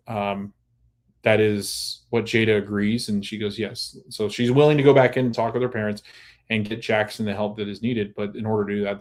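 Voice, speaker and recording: Lowish-voiced man rambling through a recap. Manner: rambling, full of restarts and "like", laughs at times. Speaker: podcast host. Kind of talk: casual episode recap.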